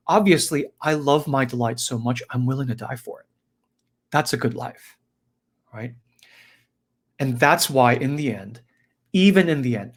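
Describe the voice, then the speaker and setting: A man teaches a spiritual lesson in an animated, conversational manner. His voice sits at an ordinary middle pitch, and he keeps checking in with his listeners as he goes. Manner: animated, conversational, often asks "right?". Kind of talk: reflective spiritual talk on a folktale.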